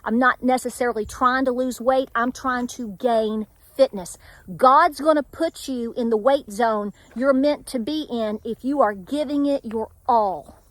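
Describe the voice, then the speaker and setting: A middle-aged homestead vlogger with a Tennessee accent offers earnest, preachy encouragement in a casual, faith-filled vlog. Her voice is a little high and unhurried, recorded with no echo.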